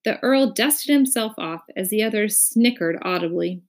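A woman reads a children's story aloud. Her narration is expressive and lively, shaping the words for young listeners. Her voice sits at a middle pitch. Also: normal speed, few pauses. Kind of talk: reading a children's book aloud.

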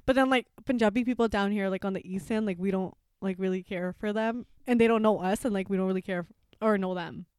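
A woman in her twenties chatting casually, telling animated stories and acting out what her family said. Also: mid-range voice, fast, clear, resonant tone, dry recording, clean studio sound. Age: 20s. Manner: animated storyteller, acts out family quotes, laughs often. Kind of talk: casual chat.

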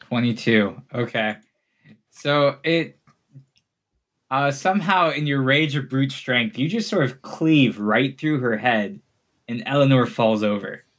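A man runs a tabletop game at an unhurried pace. He narrates in a laid-back way, chuckling along with his players. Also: mid-range voice, a bit bright. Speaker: game master.

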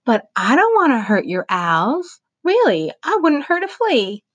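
A woman voicing a brash, feisty older woman mascot in a storybook reading, her voice pushed higher than her own. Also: very animated, unhurried, fairly bright tone, dry recording, heavily acted. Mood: pleading.

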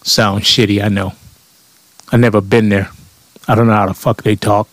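A man's voice: lowish voice, little pitch movement, normal speed, no echo. A man delivering a blunt, profane comedic rant and mocking his critics.

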